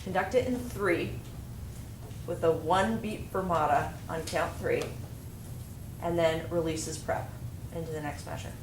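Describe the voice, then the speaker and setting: A woman's voice: deep voice, a little slow, pauses often. A woman instructor coaching a music ensemble through a rehearsal, giving direct, practical instructions with fillers. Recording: echoey room with noise, from a distance.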